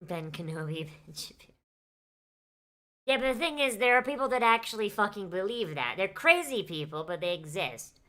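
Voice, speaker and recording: A woman's voice: medium pitch, big pitch swings, normal speed, pushed and bright. A woman streaming a mystery game, reading characters aloud and breaking off into profane, sardonic asides. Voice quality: swears freely, sardonic. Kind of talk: let's-play with character voices and profane asides.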